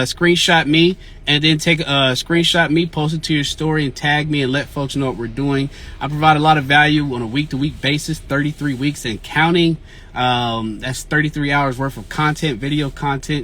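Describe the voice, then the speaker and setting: A man's voice: fairly high pitch, pushed and bright. A man hosting a casual real estate Q&A livestream, outdoors and talking into a phone, sounding frustrated and repeating himself as he vents. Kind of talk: casual livestream chat, venting. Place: outdoors in the field.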